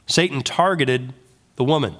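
A male pastor preaching a sermon in an animated way, full of rhetorical questions. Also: medium pitch, moderate pace.

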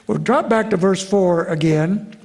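The pastor's voice sits high and is a little mellow, and he preaches at a measured pace. Earnest and direct, he keeps restarting his phrases and refers to the congregation as folks.

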